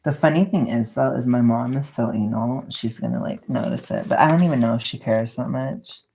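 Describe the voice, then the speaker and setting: A woman's voice: a bass voice, big pitch swings, a little fast, creaky, dark tone, slight background noise. A woman chatting casually on a livestream while wrapping gifts, rambling and joking at her own expense. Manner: rambling, self-mocking, joking. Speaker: vlogger livestreaming.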